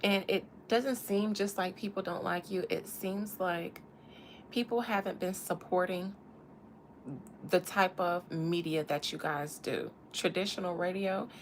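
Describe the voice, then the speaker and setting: A woman's voice: fairly low pitch, fairly even intonation, unhurried, slight background noise. A woman from the American South with a Southern accent, hosting a casual tarot reading and talking in a sassy, teasing drawl. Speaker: tarot reader and channel host.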